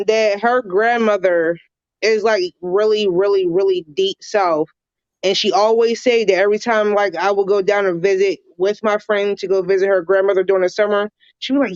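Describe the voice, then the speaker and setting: A woman's voice: mid-range voice, fairly even intonation, moderate pace, dry recording. Chatty woman on a dull lo-fi call. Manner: chatty, rambling, laughs easily. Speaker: guest, viewer. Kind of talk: casual livestream chat.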